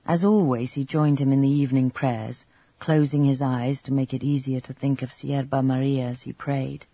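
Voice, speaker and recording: A man reading a novel aloud in measured, even scripted narration. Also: mid-range voice, no echo. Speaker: audiobook narrator. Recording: dull lo-fi recording.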